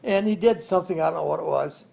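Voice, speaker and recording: A man's voice: fairly high pitch, fast talker, vocal fry, a little mellow. An older man in an interview, telling rambling family stories and chuckling along the way. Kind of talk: oral history storytelling.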